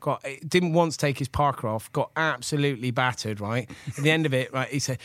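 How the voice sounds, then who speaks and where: A man in his forties from England, an animated chef rambling through stories as a podcast guest, with lots of fillers and laughs. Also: medium pitch, a little fast, dry recording. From Gloucester, England. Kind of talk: casual storytelling chat.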